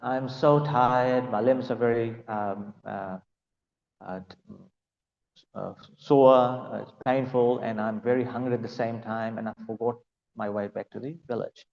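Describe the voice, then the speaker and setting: A man's voice: medium pitch, fairly even intonation, unhurried, creaky, darkish tone, in a large hall, highs cut off. A man voicing a small, tired, devoted female goat in a spoken story, earnest and humble. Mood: pleading.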